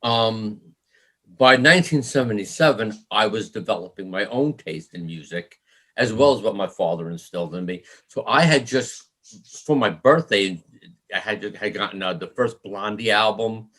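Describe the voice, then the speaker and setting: A man's voice: fairly low pitch, moderate pace. A middle-aged man from New York, a musician guest, telling stories in an interview, acting out quoted voices and laughing as he goes. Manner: animated storyteller, acts out quoted voices, laughs often. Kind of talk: storytelling interview.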